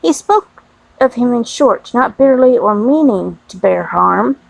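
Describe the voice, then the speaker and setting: Sleepy gravelly woman reading aloud. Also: fairly high pitch, animated, unhurried, no echo, rough recording. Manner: casual with small stumbles. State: sleepy, yawning. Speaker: audiobook reader. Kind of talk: read-aloud narration.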